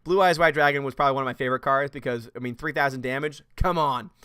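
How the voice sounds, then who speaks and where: A man's voice: medium pitch, fast, bright, forceful tone, clean tone, dry recording, studio quality. A man hosting a casual livestream chat, reading viewer comments aloud and answering them with frequent laughs. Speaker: host.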